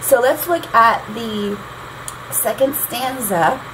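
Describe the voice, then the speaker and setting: A woman's voice: on the high side, takes it slowly. A woman teaching songwriting in a chatty, explanatory way, tapping out rhythms aloud as she goes. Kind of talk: explanatory lesson. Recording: noticeable background noise.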